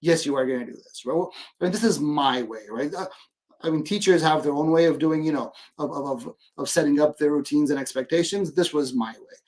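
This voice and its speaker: A man speaking as an educator guest in a casual video-call interview, animated and ending many sentences with "right?". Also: a little high, brisk.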